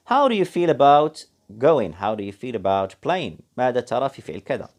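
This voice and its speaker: Lively man teaching an English lesson. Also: mid-range voice, fast. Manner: switches between English and Arabic explanations, lively emphatic. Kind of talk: classroom language lesson.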